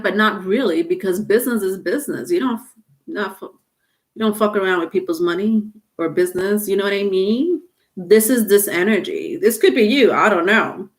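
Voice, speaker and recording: A woman doing a live tarot reading, talking casually, halting and repeating words, with some swearing. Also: medium pitch. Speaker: tarot reader.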